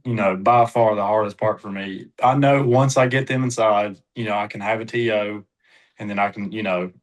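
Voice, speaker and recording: A car salesperson in a coaching session talks casually but hesitantly, packing his speech with "you know." His voice is lowish, and the audio is poor.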